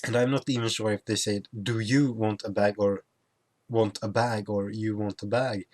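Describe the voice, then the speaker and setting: A man's voice: on the low side, fairly even intonation, normal speed, a little mellow, slight background noise. A young man who is not a native English speaker, chatting casually through a travel vlog, with many fillers and restarts. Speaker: vlogger.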